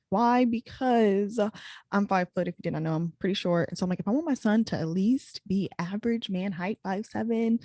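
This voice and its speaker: Fast-talking young woman podcast host. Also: medium pitch, darkish tone, dry recording. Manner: rapid, chatty, full of "like" fillers. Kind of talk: casual chat.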